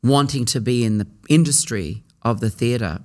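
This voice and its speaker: A man's voice: mid-range voice, darkish tone. Musing middle-aged male actor. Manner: musing, with restarts and pauses. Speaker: theatre actor. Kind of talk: reflective interview storytelling.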